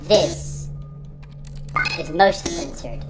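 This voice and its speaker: A man putting on the voice of a dim-witted, self-satisfied guy, talking slowly in broken grammar. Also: fairly high pitch, loud music behind the voice. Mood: dopey. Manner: broken grammar, slow and dopey.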